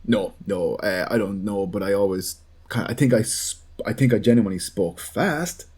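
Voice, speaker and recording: A man co-hosting a podcast, bantering in casual chat and talking fast. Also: on the low side, darkish tone, slightly rough. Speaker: podcast co-host.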